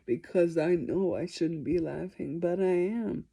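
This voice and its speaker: A woman's voice: on the low side, measured pace, gravelly, mellow. A woman answering viewer questions in a casual vlog, chatty and self-deprecating.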